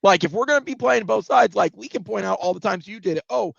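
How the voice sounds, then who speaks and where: A man's voice: sits high, fast talker, gravelly, a bit bright, breathy edge, no echo. A man co-hosting a casual postgame livestream, agreeable and chiming in with short replies. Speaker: livestream co-host. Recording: dull lo-fi mic.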